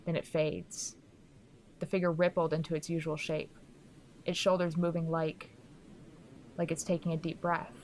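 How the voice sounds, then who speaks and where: A woman reads scripted horror narration. Her voice sits a little low, and she speaks in a quiet, measured storytelling manner. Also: flat delivery, in a large hall, a little hiss or hum.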